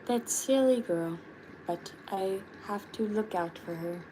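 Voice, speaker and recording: A woman voicing a fussy, protective male turtle director in a slow, deliberate, lowered voice. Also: mellow, slight background noise, close to an everyday voice, poor audio. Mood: self-important.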